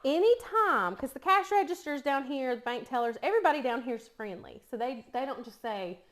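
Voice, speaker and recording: A woman's voice: high voice, expressive, fairly quick, a bit bright. A middle-aged woman with an East Tennessee accent, chatting casually and telling stories while she cooks, laughing often. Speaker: cooking vlogger. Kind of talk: casual chat while cooking.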